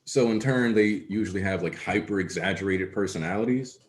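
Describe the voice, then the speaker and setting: A low-voiced man speaking fairly quickly co-hosts a casual discussion, laying out his points analytically through long explanations. The room is echoey.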